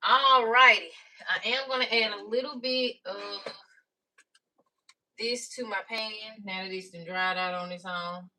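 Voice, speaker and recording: A woman's voice: medium pitch, fairly even intonation, unhurried, pushed and bright. A woman chatting casually through a cooking tutorial, calling viewers "y'all" and "baby". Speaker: cooking vlogger. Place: home kitchen. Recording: slightly distant mic with faint noise.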